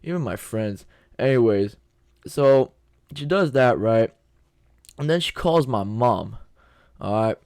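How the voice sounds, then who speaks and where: A man's voice: mid-range voice, animated, slow pace, pauses often, darkish tone, no room sound, studio quality. A young man vlogging a casual story time, telling it in a loose, slangy way with lots of quoted back-and-forth.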